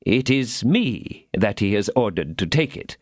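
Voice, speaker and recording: A stern, unbending royal chancellor, read by a male narrator, measured and coldly courteous. He speaks slowly with dry, close storybook sound. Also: fairly low pitch, sing-song, no echo. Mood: firm. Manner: firm, slow, formal and courteous.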